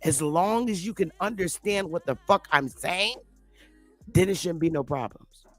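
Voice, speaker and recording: Speaking a little slowly in a lowish voice, a woman vlogger rants her opinions without a script, defiant and combative. Her manner is blunt, full of profanity and emphatic repetition, with soft background music and no room sound.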